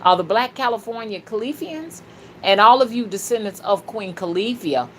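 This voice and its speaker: A woman's voice: fairly high pitch, animated, moderate pace, a little hiss or hum. Fervent woman preaching on a livestream. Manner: fervent and preachy, with sudden loud shouts; casual and slangy, calls listeners "y'all" and "honey". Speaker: spiritual rootworker hosting a livestream. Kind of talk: livestream talk reading viewer comments.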